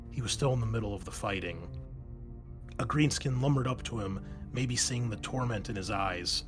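A man narrating a fantasy war story in a steady, measured storytelling manner, over faint music. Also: lowish voice.

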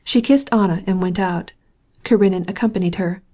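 A woman narrating a classic novel with a measured, steady reading. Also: mid-range voice. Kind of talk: scripted audiobook narration.

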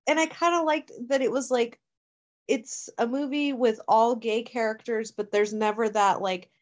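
A woman's voice: on the high side, steady tone, normal speed. A young woman co-hosting a podcast, chatting casually with short agreeing replies and summing up the movie. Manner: brief agreeing replies, laughs along, wraps up the recap. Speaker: podcast co-host. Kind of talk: casual chat.

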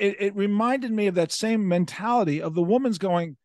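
A man's voice: sits high, brisk, darkish tone, no room sound, clean studio sound. A man hosting a casual interview, asking long, winding questions of a longtime friend. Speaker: podcast host.

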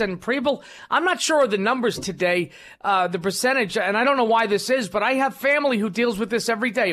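A man's voice: high voice, fairly bright tone. A man hosting a talk radio show, rambling and self-deprecating, with lots of fillers and restarts, speaking into a studio microphone.

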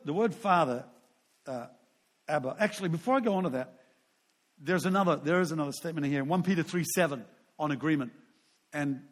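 An older man preaching a sermon in a relaxed, chatty manner, his voice sitting a touch higher than most men's. He wanders off into asides and pokes fun at himself. He keeps a friendly, unpolished tone. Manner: conversational, rambling with asides and self-deprecating humor. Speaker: pastor.

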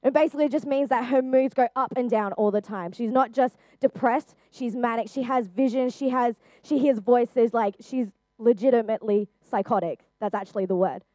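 A woman's voice: a little high, moderate pace, hardly any pauses, dark tone, no echo. Earnest young woman, dry close sound. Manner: earnest, chatty, with frequent fillers. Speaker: youth speaker. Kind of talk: personal testimony talk.

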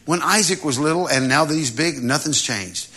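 A man preaching a sermon in a lively, humorous way, often acting out voices. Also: a little high, normal speed. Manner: animated, humorous, acts out voices.

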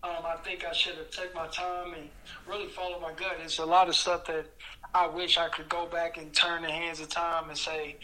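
Man, Indianapolis accent, boxer guest, bright flat voice, laid-back. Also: on the high side, normal speed, poor audio. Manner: laid-back, repeats "you know what I'm saying". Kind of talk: casual interview.

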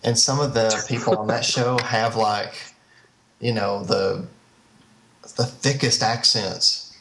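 Podcast co-host, gravelly low voice, casual, with a roomy echo on the mic. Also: male voice, fairly even intonation, slow pace, noisy background. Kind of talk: casual chat.

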